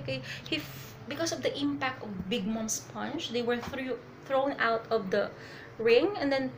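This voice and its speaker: A woman doing a live reaction to a comic, excitable and a little nervous, laughing and tagging her sentences with "okay?". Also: high-pitched, moderate pace, noisy background. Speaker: manga reaction vlogger. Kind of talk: live reaction and reading aloud.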